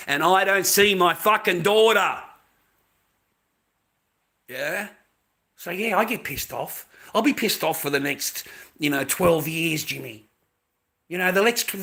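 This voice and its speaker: A man's voice: fairly high pitch, sharp tone. An Australian man ranting angrily on his own livestream, swearing constantly and talking straight at his viewers. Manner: angry, profane, combative, addressing viewers directly. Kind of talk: livestream rant to chat.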